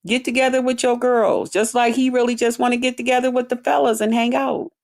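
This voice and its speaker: Brisk and creaky, with a fairly high pitch and fairly even intonation, a woman hosting a livestream rants to her chat. She is blunt, swears heavily and quotes people in a mocking drawl.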